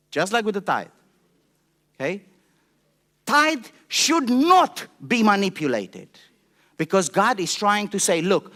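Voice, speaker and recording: Male pastor, high and lively voice, passionate sermon delivery with call-outs to the congregation. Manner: passionate, animated preaching with questions to the congregation.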